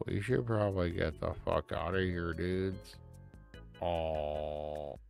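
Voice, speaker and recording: A man's voice: low voice, fairly even intonation, slow pace, vocal fry, darkish tone, soft background music. A man streaming live, chatting casually in a loose, rambling way with plenty of swearing. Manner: laid-back, swears a lot.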